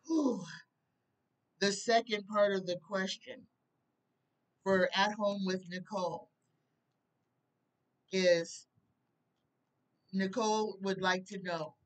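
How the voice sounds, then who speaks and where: A woman giving a tarot reading, slowly reading card keywords aloud and earnestly pleading with the viewer. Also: mid-range voice, steady tone, distant mic, rough recording. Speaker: tarot reader.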